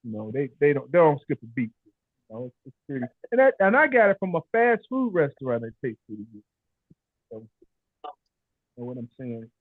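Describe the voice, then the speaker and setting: A man's voice: mid-range voice, very animated, fairly quick, long pauses, no room sound. A man in casual chat on a video call, telling rambling stories and acting out the people he quotes. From Chicago area. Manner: rambling storyteller, acts out quotes in raised voices. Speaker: meeting participant. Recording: tinny phone-like call audio.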